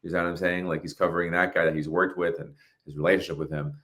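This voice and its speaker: Man in his thirties, very low voice, animated podcast chat, swears a lot. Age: 30s. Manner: animated, swearing, quick bursts. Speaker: podcast co-host. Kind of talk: casual chat.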